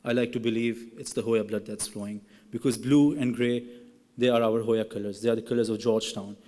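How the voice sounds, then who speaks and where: A young man graduating from school gives a ceremony speech at a podium microphone in a large, reverberant hall, starting earnest and then playfully teasing his classmates. His medium-pitched voice is steady and mellow, and he speaks briskly.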